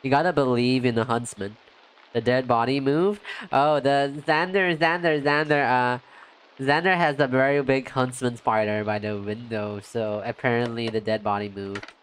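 A man streaming a game, chatting casually and excitably, saying "yo" and "like" a lot and jumping up in pitch when he greets viewers. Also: normal speed, slight background noise. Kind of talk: casual let's-play commentary.

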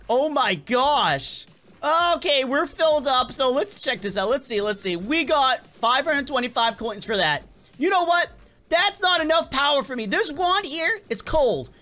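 A man giving casual, excitable gameplay commentary as a gaming channel host, often stumbling and repeating words. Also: very high-pitched, a little slow. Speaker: gaming YouTuber.

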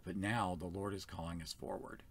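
Earnest low-voiced man giving a sermon. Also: little pitch movement, moderate pace, a bit bright, husky. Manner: earnest, pastoral, plain-spoken. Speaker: first elder of a small church.

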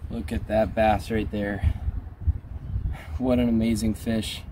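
A young man casually explaining his fishing on a lake shore, getting excitable when a fish bites. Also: on the low side, takes it slowly, background noise. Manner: excitable, exclaims often while fighting fish. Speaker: fishing vlogger. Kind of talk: casual outdoor vlog commentary.

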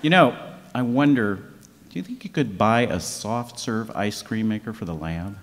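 A man's voice: fairly low pitch, animated, normal speed. A man hosting a scripted comedy act on stage, chatty and joking, with many fillers. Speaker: comedy host. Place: large lecture hall with live audience. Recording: echoey hall, crowd and noise.

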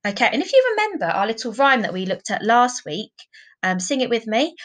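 A woman teaching a primary school class in a recorded online lesson, speaking clearly and patiently, often adding tag questions. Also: a little high, very animated, brisk, a bit bright, low-quality recording.

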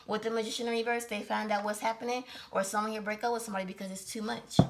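A woman giving a casual tarot reading, chatty and slangy, with plenty of swearing and quick self-corrections. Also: mid-range voice, flat delivery, heavy background noise. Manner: keeps correcting herself. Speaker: tarot reader.

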